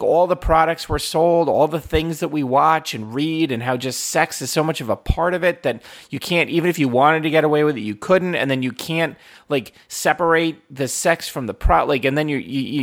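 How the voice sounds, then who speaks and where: Gravelly man rambling in casual chat. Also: on the high side. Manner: rambling, animated storytelling with swearing.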